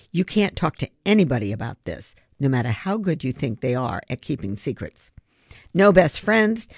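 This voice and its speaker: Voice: medium pitch, dry recording, studio quality. An audiobook reader voicing a determined schoolboy who leads a heist crew, talking in an intense, commanding way. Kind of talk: audiobook character voice.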